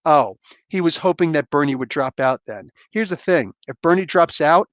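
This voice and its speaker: A man's voice: fairly high pitch, animated, normal speed, no echo, lo-fi sound. A man in his forties hosting a livestream, ranting bluntly in casual, rambling talk. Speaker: livestream host.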